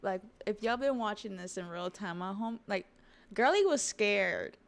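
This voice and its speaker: A woman's voice: mid-range voice, moderate pace. A woman streamer reacting emotionally and swearing as she reads a manga aloud. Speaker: streamer reading manga live. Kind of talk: casual reaction chat.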